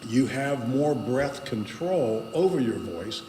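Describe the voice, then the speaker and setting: A man leads a congregation through a voice exercise at an unhurried pace, leaving pauses between his instructions. His mid-range voice rings through a roomy hall with a long reverb tail, and steady background noise sits under it. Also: mid-range voice. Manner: slow, guiding instructions with pauses. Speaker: guest speaker leading a voice exercise. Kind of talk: speaking to a congregation. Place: spiritual center meeting hall.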